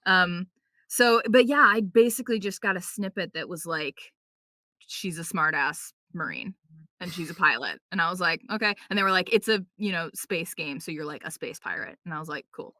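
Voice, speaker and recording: A woman voice actor, a guest on a podcast, chatting casually and telling quick anecdotes with playful quoted asides and lots of "like" and "um". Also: fairly low pitch, bright, forceful tone, dry recording, clean studio sound. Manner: frequent fillers like "like" and "um".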